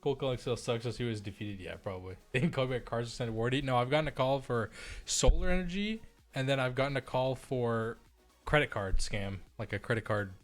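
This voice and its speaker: A man's voice: mid-range voice, a little fast, faint music behind. Rambling young man chatting on stream. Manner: rambling, repeats himself, laughs often. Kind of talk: casual chat while live streaming. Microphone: cheap desk mic.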